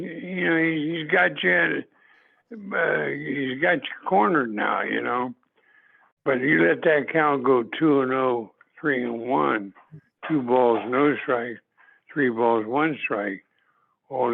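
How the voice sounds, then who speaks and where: Old guy, super gravelly voice, slow rambling baseball yarns, tinny video call sound. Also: mid-range voice. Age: older. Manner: rambling, with restarts and repeated phrases. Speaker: former ballplayer. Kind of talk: anecdotal storytelling.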